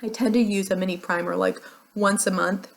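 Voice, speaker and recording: A woman's voice: mid-range voice, fairly even intonation, a little fast, creaky. An American woman talking casually through a beauty project, chatty and rambling with frequent laughs. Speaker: beauty vlogger. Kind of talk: casual product chat.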